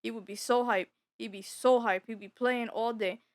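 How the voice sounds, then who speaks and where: A young woman telling a personal story in a casual, rambling way. She swears freely, repeats herself, and gets louder when she is upset. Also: on the high side, fairly even intonation, normal speed, no echo. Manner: bitter and emotional, voice rising when upset. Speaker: streamer.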